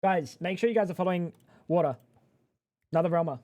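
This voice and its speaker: A young man on a livestream, chatting loosely and trading crude, teasing banter. His voice sits fairly high but sounds soft and mellow rather than bright. He rambles and trails off mid-thought. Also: fast, long pauses. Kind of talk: casual livestream chat.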